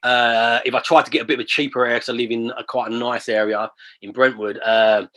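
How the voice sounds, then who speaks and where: A man from England, a property investor guest telling stories in a casual, animated way. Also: medium pitch, brisk. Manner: chatty, animated, acts out quoted phone calls. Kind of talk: casual interview storytelling.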